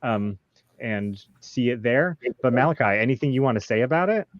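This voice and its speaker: A man hosting a casual panel chat, halting with many ums and nervous laughs. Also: medium pitch, lively intonation, dull audio. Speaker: podcast host.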